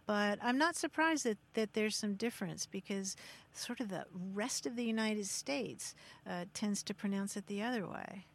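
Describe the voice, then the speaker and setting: A woman's voice: mid-range voice, moderate pace, creaky. A woman from Kentucky co-hosting a radio show about language, chatting encouragingly with young callers. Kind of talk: casual radio chat.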